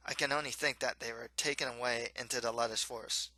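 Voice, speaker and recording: A man playing a storybook townsman, middle-aged, humble and nervous, deferential, bright voice, dry sound. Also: medium pitch, steady tone, fast, no echo, low-quality recording. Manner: deferential, addressing royalty.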